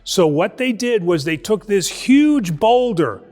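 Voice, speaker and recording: A priest telling a Bible story to children in a lively, conversational way, acting out the voices. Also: male voice, high-pitched, slow pace, big-room sound, faint music behind. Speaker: priest teaching Sunday school. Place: church.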